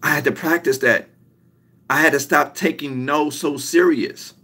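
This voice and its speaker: A young man gives a motivational talk in an emphatic, repetitive way. He leans on his main points and slows down to land them. His voice sits slightly high for a man. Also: steady tone, bright, forceful tone, husky. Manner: emphatic, repetitive, drawn-out punch lines. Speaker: motivational speaker.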